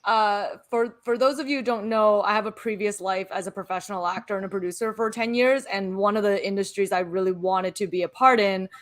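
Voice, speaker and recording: A woman's voice: mid-range voice, fairly even intonation, fairly quick, few pauses. A woman in her thirties, a former actor and producer, talking candidly and animatedly in casual chat, swearing now and then.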